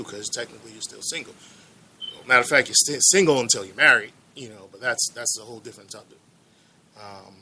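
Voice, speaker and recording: A man's voice: mid-range voice, noisy background. A man hosting a radio show, chatting casually in a blunt, outspoken way. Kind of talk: casual talk show chat.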